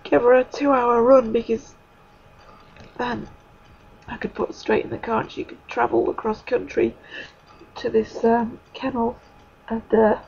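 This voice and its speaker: A woman giving an emotional spiritual testimony, halting, with many pauses and fillers. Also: fairly high pitch, level tone, vocal fry, dull audio, slight background noise. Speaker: spiritual speaker.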